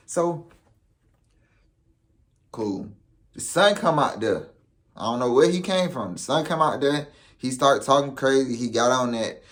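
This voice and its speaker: A man's voice: mid-range voice, measured pace, long pauses. A young man telling a story in casual vlog style, with profane street slang. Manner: animated, profane street slang, acts out quotes. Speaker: vlogger.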